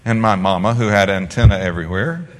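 A man preaching a sermon, from the Netherlands, animated and emphatic, dropping to a soft storytelling voice. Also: on the low side, brisk, slight background noise. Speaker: pastor. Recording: long hall reverb.

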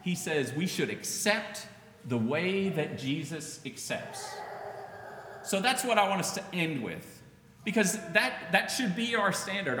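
A man preaching a sermon as pastor, in a conversational, animated style, acting out what people say. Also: fairly high pitch, a little hiss or hum. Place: church sanctuary. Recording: echoey church hall, faint ambience.

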